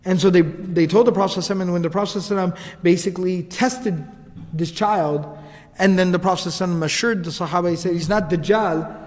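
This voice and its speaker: A man telling a religious story in a lecture, in a casual, animated way, acting out the quotes. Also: high-pitched, big-room sound. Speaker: Islamic lecturer.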